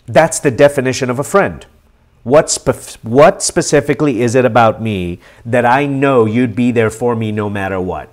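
A middle-aged man hosts a live-stream question session. He talks in an earnest, animated way at a middle pitch, coaching his listeners with encouragement. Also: normal speed. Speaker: host.

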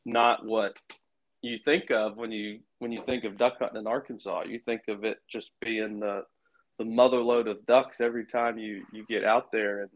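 Halting man, muffled recording. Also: lowish voice, flat delivery. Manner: halting, many restarts and fillers. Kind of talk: casual chat.

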